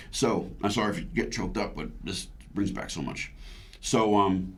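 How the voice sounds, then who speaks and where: This is a man in his fifties with a notably deep voice, a veteran athlete being interviewed. He speaks candidly and with feeling, often stumbling and restarting, and reenacts his own past words as he recounts them. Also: moderate pace. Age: 50s. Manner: earnest, emotional, with frequent restarts and stammers. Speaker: guest, veteran bodybuilder.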